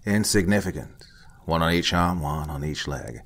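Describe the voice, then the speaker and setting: A man playing an older, blunt forensic investigator who lectures in short, curt sentences with a husky voice. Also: low-pitched, animated, moderate pace, a bit bright, exaggerated voice. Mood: curt, lecturing. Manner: blunt, curt, lecturing, some lines whispered. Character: gruff veteran male forensic investigator, blunt.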